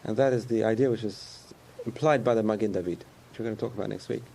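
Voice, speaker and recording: Man, mellow gravelly voice, easygoing chatty preacher with a little background hiss. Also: fairly low pitch, fast. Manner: conversational, repetitive, chuckles often. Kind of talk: sermon.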